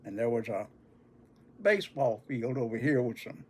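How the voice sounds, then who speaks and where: An older man telling a childhood story in a folksy, unhurried way. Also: medium pitch, lively intonation, a little mellow, slight background noise. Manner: folksy, unhurried, chuckling between lines. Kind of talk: casual oral storytelling.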